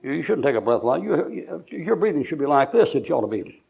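A man's voice: a little high, sing-song, a little fast, gravelly, a little mellow, breathy edge. An older man, preaching in church in a folksy, joking way, acting out little scenes. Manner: joking, acts out voices, laughs often. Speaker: pastor. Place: church sanctuary.

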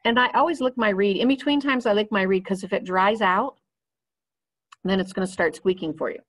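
A woman's voice: medium pitch, fairly quick. A woman giving a clarinet lesson, explaining each step patiently while she demonstrates. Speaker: clarinet teacher.

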